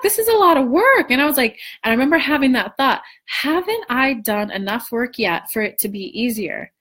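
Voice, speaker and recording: A woman in her thirties telling a personal story to her viewers in a casual, animated way, swearing freely and acting out what people said. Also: on the high side. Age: 30s. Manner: animated, swearing, acts out quoted dialogue. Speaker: spiritual coach and vlogger.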